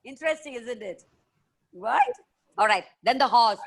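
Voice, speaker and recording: Over a video call, a children's author and storyteller performs for schoolchildren, lively and playful as she breaks into chants, animal noises, and laughter. Her voice is fairly high and gravelly, at a moderate pace, and her delivery is expressive and engaging.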